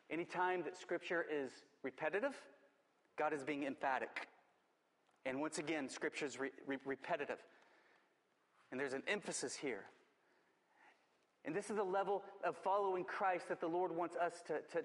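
A man's voice: on the high side, moderate pace. A man preaching a sermon as a pastor, emphatic, repeating his key phrases. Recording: long church reverb.

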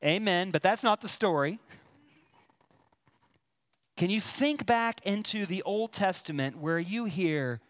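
A male pastor preaches in a slow, deliberate way. His voice sits high for a man and swings widely in pitch. He puts questions straight to his listeners and lands his points with strong emphasis. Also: animated. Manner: emphatic preaching with dramatic pauses, addresses listeners directly. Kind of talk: sermon.

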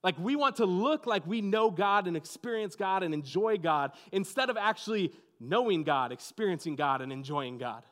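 Higher-pitched male pastor, talky and informal from the pulpit. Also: expressive, moderate pace, hardly any pauses, fairly bright tone. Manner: conversational preaching, many "like" and "you know what I mean". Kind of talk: sermon.

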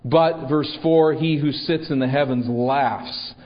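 A man's voice: mid-range voice, steady tone, slow pace, in a large hall, highs cut off. A man preaching a sermon, reading scripture and asking the congregation rhetorical questions. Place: church.

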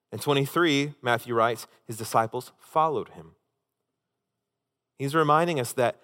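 A man preaching a sermon as a pastor, telling a story with animated, emphatic delivery. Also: mid-range voice, normal speed. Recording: long hall reverb.

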